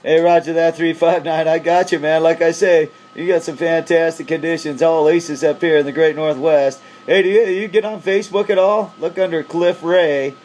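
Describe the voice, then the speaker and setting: A man's voice: fairly high pitch, steady tone, moderate pace, few pauses, darkish tone, slight background noise. A man from the Pacific Northwest chatting on CB radio, upbeat and hyping up the other station. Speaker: CB radio operator. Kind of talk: casual radio chat.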